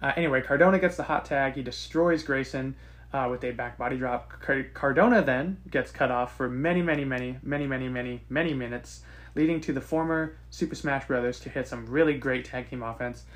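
A man's voice: medium pitch, fairly quick, fairly bright tone. A man co-hosting a podcast, recapping and rating a wrestling show in casual, joking chat. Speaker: podcast co-host.

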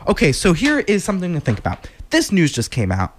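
Lively young man hosting late radio. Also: sits high, fairly quick. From New Jersey. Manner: rambling, self-correcting, jokey. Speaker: college radio host. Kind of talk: late-night radio chat.

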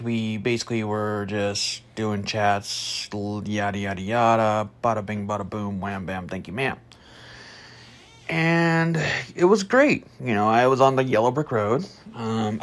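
A man telling a story about a past job as a podcast host, blunt and profane, starting slow and soft, then growing loud and heated. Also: fairly low pitch. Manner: slow and soft at first, growing louder and animated. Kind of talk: casual storytelling monologue.

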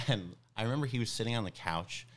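A young man casually telling a long story on a podcast, rambling and animated, full of fillers and restarts. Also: lowish voice, fast talker. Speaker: podcast guest.

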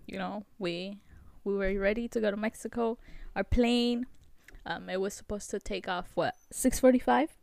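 A young woman hosting a vlog, telling a story in a chatty, animated way with lots of fillers. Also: medium pitch, moderate pace, creaky, no echo. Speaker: vlog host.

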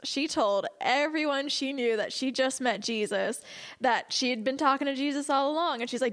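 A woman leading a church evangelism class, teaching casually and telling stories, chatty and quick to laugh. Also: sits high. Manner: chatty, laughs often, animated when quoting others.

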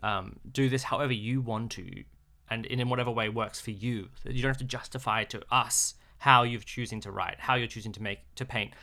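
A man co-hosting a podcast in casual chat, animated and quick with asides. His voice is bright and edged with gravelly fry. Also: medium pitch. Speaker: podcast co-host.

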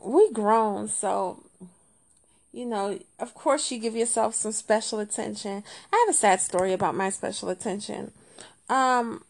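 A woman hosting a podcast, telling a story in casual chat with lots of repetition, jumping between low muttering and high, indignant exclaims. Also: creaky, a little mellow. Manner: colloquial, repeats phrases. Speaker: podcast host.

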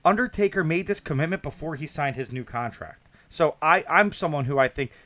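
A man, co-hosting a podcast in casual, profane chat, animated as he mocks people. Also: a little high, brisk. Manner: profane, animated, mocks customers in put-on voices. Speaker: podcast co-host.

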